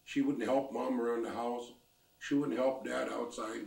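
An older man from the Pacific Northwest telling a folk tale in a lively, folksy way with exclamations. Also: medium pitch, moderate pace, vocal fry. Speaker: storyteller. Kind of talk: oral storytelling. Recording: roomy, mic at a distance.

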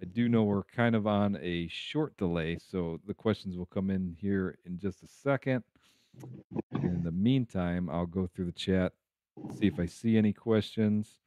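Man, live stream host, casual, lowish smooth voice, dry sound. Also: unhurried, warm tone, no room sound. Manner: casual, friendly, reads the chat aloud.

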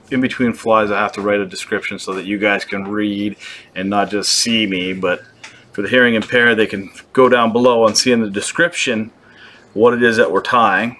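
His voice is mid-range and a bit bright: a young host from British Columbia, Canada, keeping his fly-tying tutorial casual and joking, teasing himself playfully as he works.

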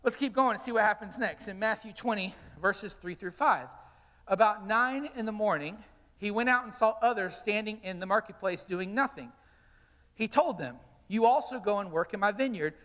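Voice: mid-range voice, moderate pace, fairly bright tone, long reverb tail. A pastor preaching a sermon, telling stories and animatedly acting out the quotes. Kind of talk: sermon with storytelling. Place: church sanctuary.

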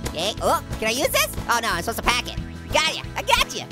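A hyper little cartoon gamer with no ears, all squeaky highs and wild swoops. He giggles nonstop and squeals at every silly moment, narrating gameplay in goofy bursts. Game music plays clearly behind him. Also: fast talker, exaggerated voice. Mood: giddy. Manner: giggles constantly, excitable squeals. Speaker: gaming host. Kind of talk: comedic gameplay commentary.

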